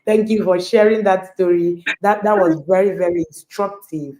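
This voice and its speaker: This woman's mid-range voice is steady and mellow, moving at normal speed. A parenting coach hosting a video call, she gives listeners an emphatic motivational talk, asking rhetorical questions.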